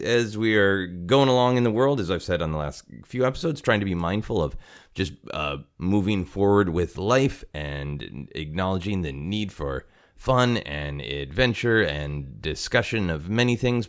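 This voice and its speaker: A man hosting a podcast from his apartment, chatting casually in a rambling, self-deprecating way and laughing often. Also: sits low. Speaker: podcast host. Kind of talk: casual chat. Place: home apartment.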